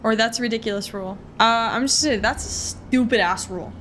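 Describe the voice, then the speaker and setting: A woman streamer chatting casually over a game, reacting bluntly and swearing often. Her voice sits fairly high. A faint hiss stays under the recording. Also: quick pace, fairly bright tone. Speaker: gaming streamer. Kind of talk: casual gameplay commentary.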